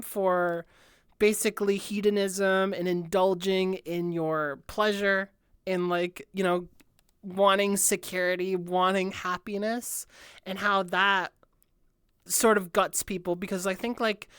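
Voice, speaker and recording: A woman's voice: medium pitch, a bit bright, clear, resonant tone, dry recording, studio quality. A woman streamer giving a casual improvised breakdown of an album, rambling with lots of filler words and free swearing.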